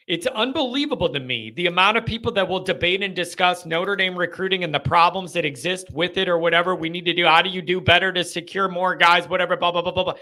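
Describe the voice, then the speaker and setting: High, bright-voiced ranting man host. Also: fast talker, hardly any pauses. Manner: animated, ranting, jokey. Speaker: call-in show host. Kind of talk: live call-in fan chat.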